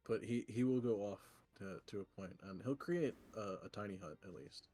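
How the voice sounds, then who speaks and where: A man playing a tabletop game who speaks in a polite, measured way. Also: lowish voice, mellow. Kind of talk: casual tabletop game chat.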